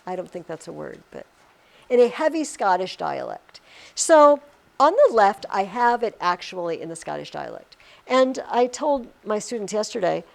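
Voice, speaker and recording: Animated woman teaching a classroom lesson. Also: medium pitch, moderate pace, gravelly. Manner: animated, questioning students.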